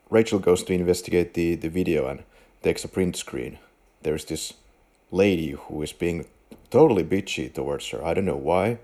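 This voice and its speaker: A man co-hosting a film podcast, chatting in a relaxed, rambling way. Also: low voice, gravelly. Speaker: podcast co-host. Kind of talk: casual film chat.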